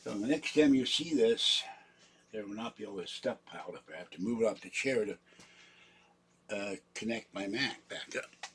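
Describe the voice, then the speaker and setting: A man's voice: fairly low pitch, normal speed, husky. An older man rambling in a casual livestream from his home computer, wandering between stories with a self-mocking manner. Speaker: livestream host.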